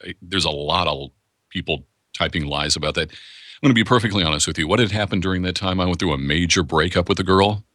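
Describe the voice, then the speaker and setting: A man's voice: deep voice, bright, forceful tone, no room sound, clean studio sound. A man who works as a voice actor, talking candidly in a casual interview and rambling with restarts. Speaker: voice actor guest.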